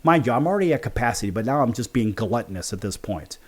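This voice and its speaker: A man's voice: medium pitch, expressive, fast talker. A male sports show host telling a casual story, acting out both sides of each conversation.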